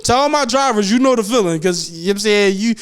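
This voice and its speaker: A young adult man hosting a podcast, telling stories in casual chat, animated and profane with lots of slang. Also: high-pitched, fast talker, clear, resonant tone. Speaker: podcast host.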